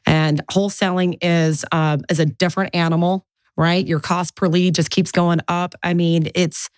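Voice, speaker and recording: Forties woman guest, lively storyteller, lowish voice, dry no-room sound. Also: moderate pace, clean tone, dry recording. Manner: chatty, animated, mimics family voices in anecdotes. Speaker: guest, real estate investor. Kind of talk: casual interview storytelling.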